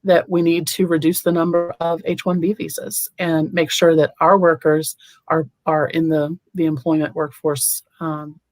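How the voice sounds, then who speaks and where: A woman running for office, answering interview questions in an earnest way, often pausing on ums and restarting her sentences. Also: sits low, flat delivery, a little mellow, no room sound, faint music behind. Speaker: political candidate guest.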